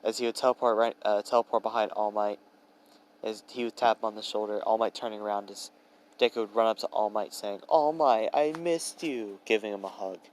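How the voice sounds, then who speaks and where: A man's voice: lowish voice, level tone, fast talker, rough recording. A young man improvising a fan-fiction story, rambling with fillers and restarts.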